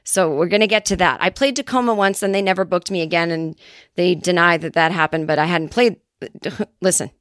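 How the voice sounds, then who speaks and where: A woman hosting a comedy podcast, ranting in a sarcastic, profane monologue and jumping into high mocking voices when quoting others. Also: fairly quick, no room sound, studio quality. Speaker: podcast host.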